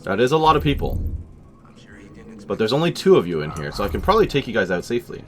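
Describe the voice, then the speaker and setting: A man's voice: medium pitch, big pitch swings, quick pace, a little hiss or hum. A man giving casual let's-play commentary with chatty, wry asides. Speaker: gaming channel host. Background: game music.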